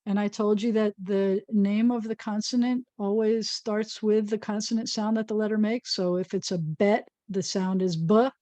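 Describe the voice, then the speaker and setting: A woman's voice: medium pitch, a little mellow, no room sound. A woman rabbi giving an informal Hebrew reading lesson, patiently sounding out letters and syllables with a playful touch.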